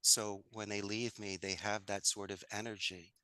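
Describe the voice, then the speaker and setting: An upbeat man chatting as a podcast guest, his voice bright and forward. He leans on folksy sayings and easy humor. The sound is dry and close, with no room around it. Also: on the low side, flat delivery, normal speed, smooth, no room sound. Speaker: podcast guest, call center owner. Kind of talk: conversational interview.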